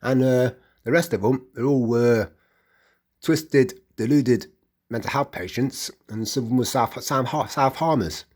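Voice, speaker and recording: A middle-aged man with a West Midlands accent tells his story casually. He rambles, repeats himself and restarts words. His voice is husky, at an ordinary pitch. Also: a little slow, a little mellow. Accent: West Midlands English. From England. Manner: rambling, repetitive, with stammered restarts. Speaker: vlogger. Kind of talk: casual personal account.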